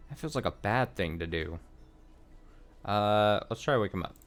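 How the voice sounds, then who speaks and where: A man's voice: fairly low pitch, expressive, moderate pace, a little hiss or hum. Hesitant man reading game dialogue. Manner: hesitant, with frequent uhs and ums. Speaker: let's play host. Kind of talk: reading game dialogue aloud while playing.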